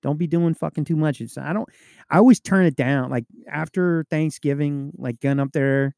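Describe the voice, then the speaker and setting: A man, a police officer and podcast co-host, chatting casually with profane, animated storytelling. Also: a little high, normal speed, gravelly, no echo, studio quality.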